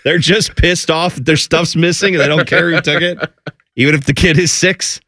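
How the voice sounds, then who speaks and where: A man in his thirties, a radio co-host, telling a family story in a casual, animated way and acting out the voices of his kids. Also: a little high, moderate pace, dry recording, clean studio sound. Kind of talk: casual morning-show storytelling.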